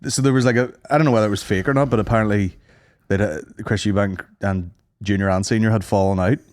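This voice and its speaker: A young Northern Irish man co-hosting a podcast, telling animated, sweary stories in casual chat. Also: fairly low pitch, quick pace, no echo, studio quality. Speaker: podcast co-host.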